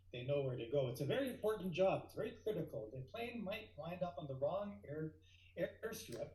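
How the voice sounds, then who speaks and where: A middle-aged man telling a tall tale as a guest speaker, lively and building to excited outbursts. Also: fairly high pitch, echoey room, low-quality recording.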